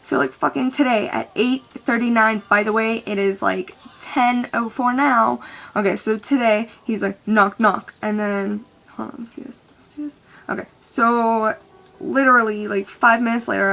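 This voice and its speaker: A woman's voice: on the high side, gravelly, fairly bright tone. A young woman venting in a rambling, profane monologue full of restarts. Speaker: vlogger.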